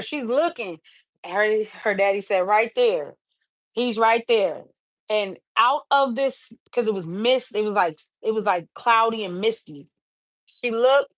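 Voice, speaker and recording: A woman's voice: medium pitch, slow pace, fairly bright tone, no echo, clean studio sound. A woman hosting a livestream, earnestly retelling someone's story and often stopping to say "she said". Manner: earnest retelling with many repeated "she said" asides. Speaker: livestream host.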